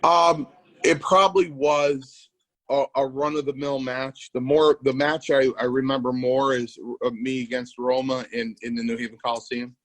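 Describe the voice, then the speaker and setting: A man's voice: medium pitch, flat delivery, moderate pace, fairly bright tone, no room sound, low-quality recording. A man co-hosting a podcast, a former wrestler telling rambling stories with restarts and quoted dialogue. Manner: rambling anecdotes with restarts, quoting others. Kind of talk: casual storytelling.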